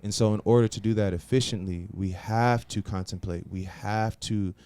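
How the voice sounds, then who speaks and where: Male podcast guest, low and mellow, earnest and abstract, dry mic. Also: steady tone, moderate pace, smooth, no echo. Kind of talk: casual talk show discussion.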